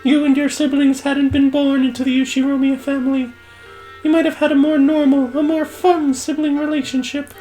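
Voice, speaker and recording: Man voicing a gentle noble lady, high mellow falsetto, faint music behind, visual novel read-along. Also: little pitch movement, normal speed, low-quality recording. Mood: wistful. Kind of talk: reading a visual novel aloud.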